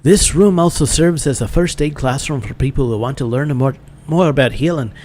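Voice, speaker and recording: A man's voice: mid-range voice, fairly quick, darkish tone, close to an everyday voice. A man doing a bad Irish-accented lady healer. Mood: cheerful. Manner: put-on, wobbly lilt, cheerful. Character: kindly female healer and paladin teacher.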